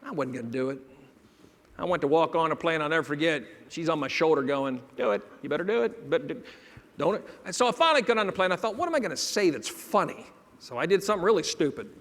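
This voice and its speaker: A man giving a motivational speech, telling his story with lively acted-out dialogue. His voice sits a little high for a man and rings with the long reverb of a large hall. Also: fast talker. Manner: animated storyteller acting out quoted voices. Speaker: motivational speaker.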